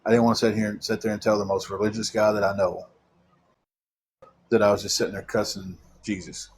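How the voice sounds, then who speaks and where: A man's voice: on the low side, little pitch movement, slight background noise. Rambling man telling a story. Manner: rambling, halting with many fillers and repeated words. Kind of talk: personal storytelling.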